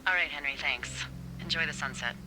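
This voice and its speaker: An actress voicing a witty, teasing woman fire lookout boss on a radio in a video game, with a breathy voice and playful banter. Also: low-pitched, fairly quick, noisy background, natural voice.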